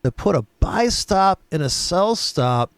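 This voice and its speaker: Man, gravelly voice, dry close sound, blunt, profane, rambling, casual chart talk. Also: high voice, sing-song, measured pace, no room sound. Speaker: trading educator. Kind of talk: casual screen-share chart commentary.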